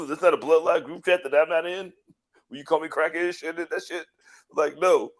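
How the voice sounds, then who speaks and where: A man's voice: fairly high pitch, fairly even intonation, moderate pace. A man co-hosting a wrestling podcast, joking loosely with friends and laughing often. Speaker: podcast co-host. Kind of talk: casual wrestling chat.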